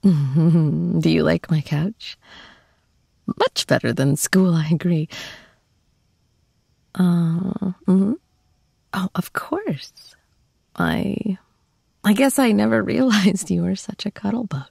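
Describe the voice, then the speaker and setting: A woman's voice: lowish voice, takes it slowly, creaky, long pauses, husky, dry recording, clean studio sound, full character voice. A woman voicing a tough, protective ex-bully girlfriend. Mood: affectionate. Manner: soft, intimate, often half-whispered. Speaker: voice actor. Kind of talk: listener-directed audio role-play.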